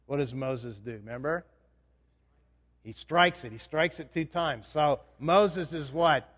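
Preaching slowly in a reverberant hall, this man has a slightly high, somewhat bright voice. He is a pastor who talks conversationally and often asks his congregation questions.

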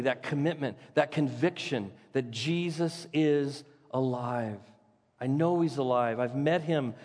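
A man preaching a sermon, his voice sitting a touch high for a man. He swings between loud, ringing proclamation and hushed, low emphasis. The sound carries a long hall reverb. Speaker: pastor. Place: church sanctuary.

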